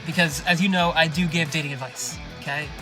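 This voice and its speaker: A man's voice: a little high, fairly even intonation, brisk, music in the background. A man, a fitness coach hosting his own podcast, talking bluntly and sarcastically with plenty of swearing and lots of "you guys.". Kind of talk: podcast monologue.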